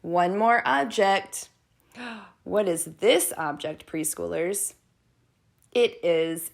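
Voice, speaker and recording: A middle-aged woman teaching preschoolers from home, speaking slowly in an encouraging, sing-song manner. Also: on the low side, creaky. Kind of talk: video lesson for young children.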